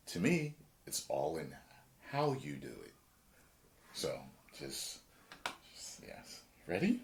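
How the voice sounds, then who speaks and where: A man's voice: low voice, huge pitch swings, slow, long pauses. A man hosting a reaction video, chatting casually and animatedly with fillers.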